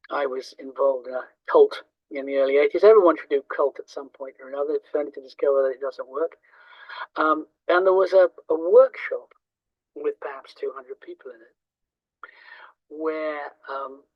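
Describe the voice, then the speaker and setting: Reflective older man, slightly raised pitch. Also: no echo. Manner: thoughtful, halting, many ums and restarts. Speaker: teacher of Chinese metaphysics. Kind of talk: reflective teaching talk with anecdotes. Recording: dry, slightly dull recording.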